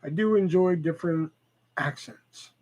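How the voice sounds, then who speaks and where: A man's voice: on the high side, a little slow, a little mellow, poor audio. A man in his thirties hosting a casual solo podcast, rambling and profane with lots of fillers and stutters. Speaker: podcast host.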